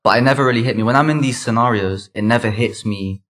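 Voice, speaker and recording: A man in his twenties with a London accent, a podcast guest telling a story in fast, slangy chatter full of "like" and "mate". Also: medium pitch, fairly bright tone. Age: 20s. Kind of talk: casual storytelling.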